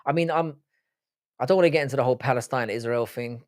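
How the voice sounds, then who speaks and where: A young Irish man with a Cork accent hosts a live stream and chats loosely with viewers. He talks bluntly and swears freely, stopping and restarting his sentences, at an ordinary mid pitch. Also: fast talker. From Ireland. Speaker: livestream host. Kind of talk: casual live-stream chat reading viewer comments.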